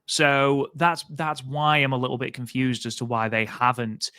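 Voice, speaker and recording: A man's voice: mid-range voice, level tone, normal speed, bright, forceful tone, clear, resonant tone, no room sound, clean studio sound. A man co-hosting a casual podcast, chatty and rambling, with many fillers and restarts. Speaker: podcast co-host.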